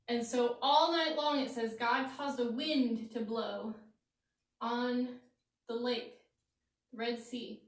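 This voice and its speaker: A woman teaching children a Bible story, lively and asking them questions. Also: high voice, recorded from a distance. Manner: animated, asks the kids questions. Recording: roomy echo, voice from off-mic.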